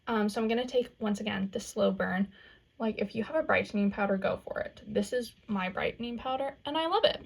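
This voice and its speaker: A woman's voice: mid-range voice, fairly quick, gravelly, breathy edge. A young woman with a Southern US accent chatting casually through a makeup tutorial, full of "like" and "um". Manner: chatty, valley-girl fillers, frequent "like" and "um". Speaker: makeup vlogger.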